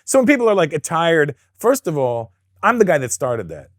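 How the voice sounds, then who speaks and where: A man, a comedian, talking candidly in an interview, blunt and profane and quick to act out what others say. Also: on the high side, dry recording, clean studio sound. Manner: blunt, profane, animated storyteller. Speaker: comedian guest.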